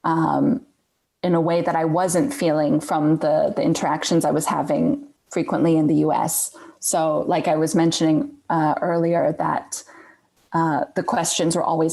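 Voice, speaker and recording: A woman with a low voice and a gravelly fry at the edges of her words. She talks casually as a guest, pausing often with fillers and restarting her phrases. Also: level tone, mellow. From United States. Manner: hesitant, many fillers and restarts. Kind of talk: casual conversation.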